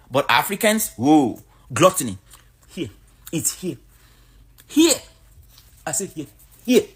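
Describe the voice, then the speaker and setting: A woman's voice: fairly low pitch, breathy edge. A woman from Cameroon, giving a blunt, outspoken vlog monologue. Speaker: vlogger.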